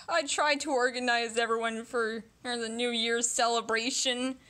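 A woman's voice: on the high side, steady tone, unhurried, bright, forceful tone, voice pushed down. A woman voicing a bossy young woman organizer who is crying and sighing through her complaints in a homemade paper-cutout drama. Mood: tearful.

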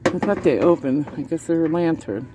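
In a deep voice at a moderate pace, a woman shopping in a large store chats casually with viewers, often chuckling. The background is noisy, and she records on a handheld phone as a shopping vlogger giving running commentary.

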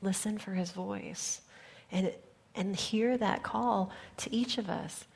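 A woman pastor giving an earnest sermon, often dropping her voice to a soft near-whisper for emphasis. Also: mid-range voice, fairly even intonation, slow, gravelly, breathy edge.

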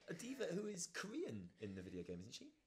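Jokey man, lively pitch. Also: fairly quick. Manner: jokey, teasing, animated storytelling. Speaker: co-host. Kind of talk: casual chat.

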